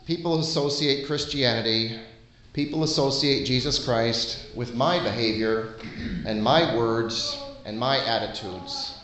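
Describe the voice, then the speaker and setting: A man's voice: medium pitch, fairly bright tone. Earnest man preaching in an echoey room. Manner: earnest, conversational preaching with frequent pauses. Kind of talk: sermon.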